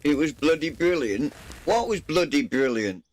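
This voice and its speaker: A man's voice: fairly high pitch, expressive, moderate pace. A man chatting casually and jokingly with viewers while streaming a game, playfully teasing and putting on mock indignation.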